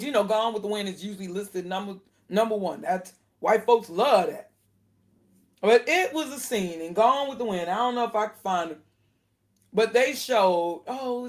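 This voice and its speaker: A woman talking straight to her viewers in a loose, casual commentary, her voice sitting at an ordinary middle pitch. She sounds indignant and animated, with short laughs dropped between her points. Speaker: video commentator.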